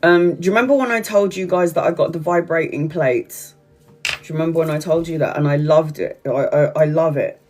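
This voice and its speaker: A woman with a deep voice and darkish tone, a tarot reader on a livestream, chats fairly quickly with viewers. She tells a rambling, repetitive story and swears often, with soft background music underneath.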